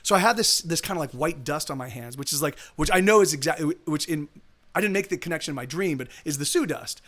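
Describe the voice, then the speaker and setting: A man on a live stream tells a long story in a loose, rambling way, restarting his sentences and acting out what people said. He talks quickly, and his voice sits high for a man. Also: expressive, a bit bright. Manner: rambling, full of restarts and acted-out quotes. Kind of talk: casual storytelling.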